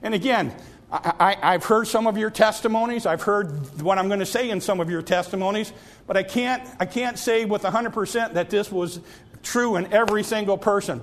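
A man preaching a sermon, repeating and stretching key phrases, sometimes sinking to a hush and sometimes rising to a cry. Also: sits high. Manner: drawn-out emphatic phrases, dropping to near whispers; repeats phrases and stumbles on restarts.

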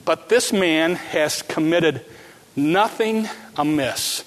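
A man's voice: a little high, slow, long reverb tail. A man voicing a repentant crucified thief who speaks in a sober, pleading way.

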